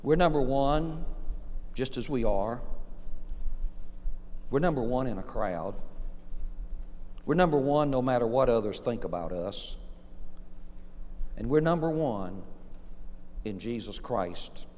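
A man preaching a sermon at middle pitch, swinging from hushed moments to loud, rising peaks. He calls out to the congregation for amens. His voice rings with the long reverb of a church hall. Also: animated, measured pace, long pauses. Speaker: pastor.

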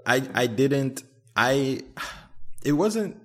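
A young man with a medium-pitched, animated voice speaks extremely slowly. Co-hosting a podcast, he chats casually and rambles, restarting often.

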